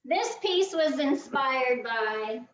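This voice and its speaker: Woman, high voice, lively storyteller, roomy distant sound, dull video call audio. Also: slow, a crowd in the background. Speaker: guest quilter. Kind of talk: animated storytelling.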